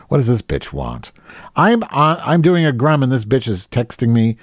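A man's voice: medium pitch, huge pitch swings, normal speed, no echo, clean studio sound. A man hosting his own show, rambling through a crude, sarcastic solo rant. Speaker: podcast host.

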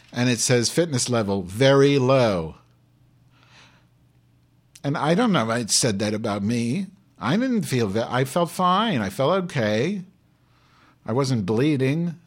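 A man's voice: mid-range voice, lively intonation, measured pace, pauses often, natural voice. A man playing a brash, foul-mouthed Jewish woman who hosts a live online show, ranting and rambling in improvised comedy. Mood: grumbling. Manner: profane, abrasive, rambling rants.

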